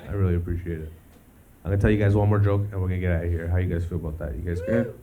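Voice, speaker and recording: A man doing stand-up comedy while high, laid-back, swearing and laughing at his own jokes. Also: steady tone, very fast, a crowd in the background. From Canada. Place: live comedy stage. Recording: live venue with audience noise.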